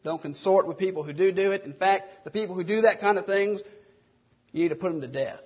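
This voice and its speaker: Husky high-voiced man preaching. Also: brisk, dull audio. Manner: earnest preaching with rhetorical questions. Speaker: pastor. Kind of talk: sermon.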